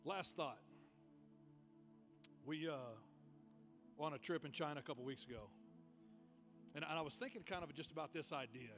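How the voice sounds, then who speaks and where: A man preaching a sermon in a church, telling stories with lots of energy and repeating words when he gets excited. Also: a little high. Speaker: pastor.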